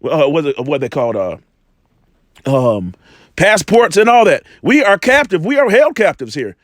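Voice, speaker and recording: A man's voice: fairly high pitch, big pitch swings, unhurried, no echo, studio quality. A man with a cold, casually teaching scripture, rambling with many restarts and rhetorical questions. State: has a cold, coughing. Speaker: religious teacher.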